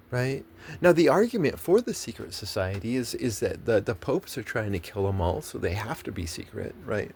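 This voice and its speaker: Very animated at a normal speed, this American man has a mid-range, darkish voice and rants in a loose, rambling way. He curses a lot, restarts his sentences, and leans on fillers over faint background noise.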